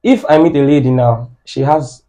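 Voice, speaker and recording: A man's voice: mid-range voice, moderate pace, mellow, rough recording. A man explaining his view step by step in a casual podcast chat.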